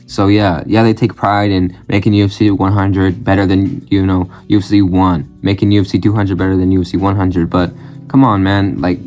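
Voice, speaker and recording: Here the host's voice is fairly low and a little mellow as he gives blunt reactions on his channel. He rants, swears freely, and keeps repeating phrases in bursts.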